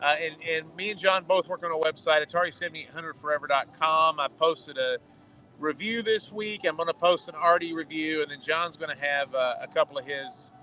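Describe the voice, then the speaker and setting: A man's voice: on the high side, brisk, rough recording. A man co-hosting a casual podcast, joking and telling stories from a city alley at night. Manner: joking, animated storyteller. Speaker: podcast co-host. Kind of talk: casual chat.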